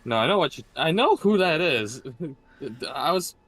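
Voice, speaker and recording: A man's voice: fairly high pitch, very animated, measured pace, fairly bright tone, breathy edge, soft background music. A young man co-hosting a game video, teasing his friend and laughing often. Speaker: co-host. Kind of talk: casual gameplay chat.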